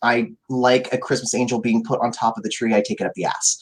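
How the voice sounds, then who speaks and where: A young man co-hosting a casual chat podcast in a campy, theatrical manner, with a mid-pitched voice. He makes crude jokes and swings his voice high and low. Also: level tone, fast talker, a crowd in the background. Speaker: podcast co-host.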